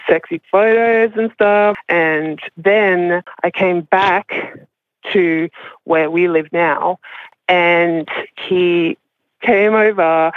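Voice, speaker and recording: A woman's voice: on the low side, dry recording. A woman caller telling a personal story in a casual confessional way, rambling with lots of "like" and frequent laughter. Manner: rambling, heavy use of "like", laughs often. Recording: tinny phone line.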